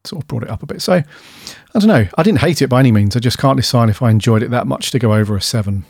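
A man's voice: medium pitch, lively intonation, fast talker, creaky, darkish tone, breathy edge, no echo, clean studio sound. A man co-hosting a podcast, musing and hedging through long, rambling questions. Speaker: podcast co-host. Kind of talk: casual chat. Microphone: studio dynamic mic.

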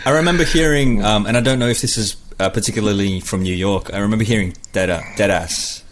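A man co-hosting a podcast, calm and hesitant, explaining with pauses. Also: on the low side, a little hiss or hum. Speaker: podcast co-host. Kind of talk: casual podcast chat.

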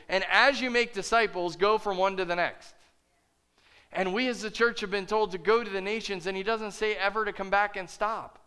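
A man's voice: sits high, pushed and bright, smooth. A man pastor preaching a sermon with emphatic, repeated phrases.

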